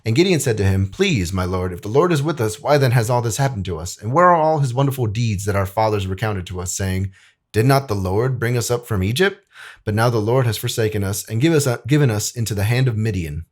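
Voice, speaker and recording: In a fairly quick, expressive voice on the low side, a young video editor leads a relaxed Bible lesson. He rambles chattily with lots of fillers and "like"s, drifting into scripture readings and performing the quotes as he goes.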